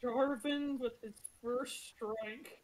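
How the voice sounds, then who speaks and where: Woman game master, fairly high voice, chatty and giggly narration full of fillers. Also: fairly even intonation, extremely slow, low-quality recording. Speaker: dungeon master.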